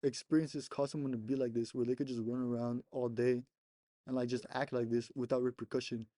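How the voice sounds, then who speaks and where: A man's voice: mid-range voice, little pitch movement, fairly quick, mellow, no echo, studio quality. A young man casually telling a rambling story on a podcast, laughing often and swearing between many "like" fillers. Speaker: podcast co-host.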